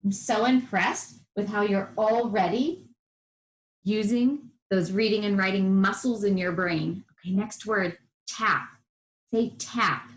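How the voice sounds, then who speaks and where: A woman's voice: medium pitch, slow pace. A woman teaching first grade to young children on a televised lesson, encouraging and sounding out letters in a sing-song way. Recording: roomy echo.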